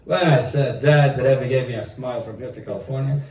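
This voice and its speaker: A middle-aged man from Italy, a rabbi, telling an animated story at a gathering and dropping in Yiddish and Italian phrases. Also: medium pitch, brisk. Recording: roomy echo from far off.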